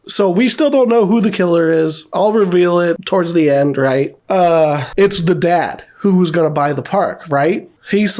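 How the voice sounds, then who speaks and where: Profane, rambling man, slightly high voice. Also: darkish tone. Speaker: movie reviewer. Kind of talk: casual spoken review.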